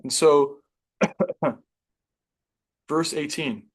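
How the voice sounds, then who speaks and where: A man's voice: medium pitch, fairly quick, husky. Male class teacher, reads scripture and talks it through informally, reflective, with restarts. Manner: conversational, reflective, with restarts and softer asides. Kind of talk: reading and explaining scripture to a class.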